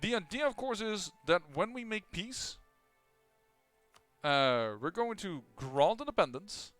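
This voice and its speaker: A man's voice: sits high, lively intonation, unhurried, a bit bright, no room sound, soft background music. A man casually commenting on his own strategy game as he plays, thinking aloud with lots of fillers and restarts. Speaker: gameplay commentator.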